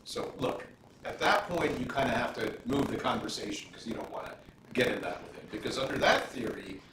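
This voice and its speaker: A middle-aged man, a judge, talking casually with law students in a relaxed question-and-answer session, full of "you know" fillers and anecdotes. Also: medium pitch, a little fast. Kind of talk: casual Q&A talk. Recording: roomy, distant mic, room noise.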